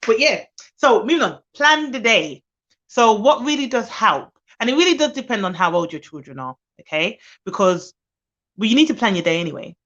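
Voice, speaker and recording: A woman's voice: fairly high pitch, normal speed. A young woman who works as a nanny, chatting casually and animatedly on a live stream. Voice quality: chatty, animated, laughs often. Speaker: nanny and childcare provider. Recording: dull lo-fi live stream audio.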